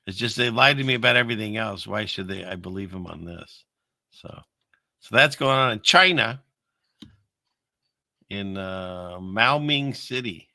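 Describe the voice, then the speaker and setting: Gravelly-voiced man hosting a casual show. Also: on the low side, pushed and bright, no echo, clean studio sound. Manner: rambling, wry, talks to chat. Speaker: show host. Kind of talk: casual commentary on video clips.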